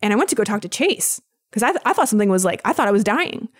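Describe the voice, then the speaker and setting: A woman's voice: mid-range voice, racing. A woman, a personal trainer, telling a personal story as a podcast guest, acting out the voices of people she quotes. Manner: lively storyteller who acts out quoted dialogue. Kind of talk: casual storytelling interview.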